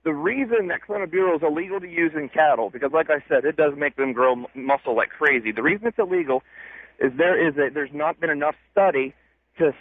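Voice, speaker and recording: Guy calling in on a tinny phone line, slightly high voice, explains stuff kinda haltingly. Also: no echo. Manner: explanatory, halting, many restarts. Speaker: caller. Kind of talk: call-in radio chat. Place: state fairgrounds.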